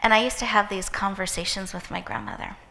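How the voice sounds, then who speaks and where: A woman hosting an event, giving an inspirational talk with a gentle, encouraging guided visualization. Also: mid-range voice, fairly even intonation, fast, vocal fry. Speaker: event host and speaker. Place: event hall with live audience. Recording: echoey hall reverb.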